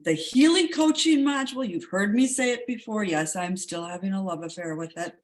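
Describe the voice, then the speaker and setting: Coach lady, emphatic, keeps repeating words like super super clear, average pitch. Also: moderate pace. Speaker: wellness coach. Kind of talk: enthusiastic wellness talk.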